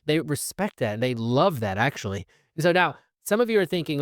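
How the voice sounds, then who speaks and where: Recorded dry at studio quality, this man's voice sits on the high side and moves fairly quickly. Hosting his podcast alone, he chats loosely, restarting and filling pauses, and performs the quoted exchanges with lively energy.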